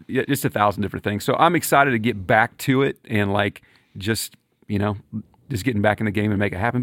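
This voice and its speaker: A man co-hosting a podcast in a casual, animated chat, laughing often and restarting his sentences. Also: fairly low pitch, no room sound, studio quality. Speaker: podcast co-host.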